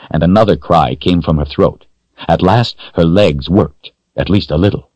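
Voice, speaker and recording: A man narrating a children's story in a steady, measured storytelling voice. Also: deep voice, no room sound. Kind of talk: audiobook narration. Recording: dull dry lo-fi recording.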